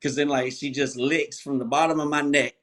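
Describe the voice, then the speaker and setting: A man, a comedian guest, telling stories in a casual, animated, profane way and laughing often. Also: mid-range voice, fairly quick. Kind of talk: casual storytelling interview.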